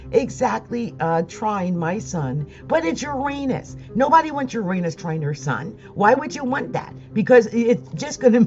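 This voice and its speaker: A woman talks straight to her viewers in a loose, rambling way, breaking into nervous laughs while close to tears. Her voice sits a little low. The recording is dull and lo-fi. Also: a little mellow. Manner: emotional, rambling, laughs between phrases. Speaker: astrology vlogger. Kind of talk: casual monologue to viewers.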